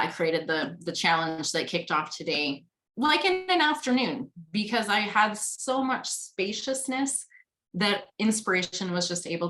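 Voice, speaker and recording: A woman with a somewhat low voice joins a video call conversation as a guest. She talks candidly and at length, circling back on her thoughts. She drops in casual swearing. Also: fairly bright tone, poor audio.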